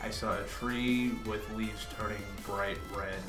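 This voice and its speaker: A man from Connecticut co-hosting a podcast, energetic and joking in casual chat. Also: lowish voice, echoey room, music in the background. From Connecticut, USA. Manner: energetic, quick ribbing. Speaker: podcast co-host.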